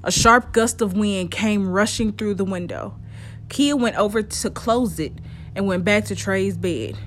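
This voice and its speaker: A woman narrating a story chapter in a steady storytelling manner. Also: mid-range voice, measured pace, slight background noise.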